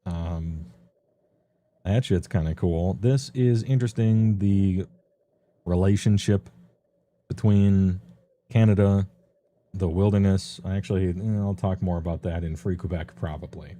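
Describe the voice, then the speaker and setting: A man's voice: deep voice, steady tone, measured pace, pauses often, mellow. A man streaming a casual, rambling rundown of tabletop game books, offhand and full of ums. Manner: loose and offhand, many ums, laughs at himself.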